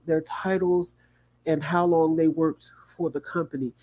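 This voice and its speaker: A sleepy, yawning man reads a news article aloud to his livestream audience. His voice sits a little high but sounds mellow and soft-edged. He stumbles now and then and breaks off for quick asides. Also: level tone. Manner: reads haltingly with small slips and asides. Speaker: livestream host.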